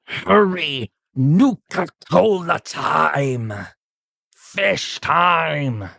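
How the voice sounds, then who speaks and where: Big dim cheerful super mutant, played by a man: short broken shouts, higher than his usual voice, slow. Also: expressive, vocal fry, no room sound, full character voice. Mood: eager.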